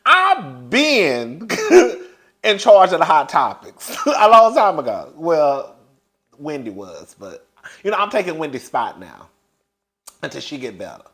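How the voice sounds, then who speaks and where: A man's voice: on the high side, big pitch swings, unhurried, fairly bright tone. A man giving casual, sassy celebrity gossip commentary, laughing often and calling his listeners "girl". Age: older than young adult.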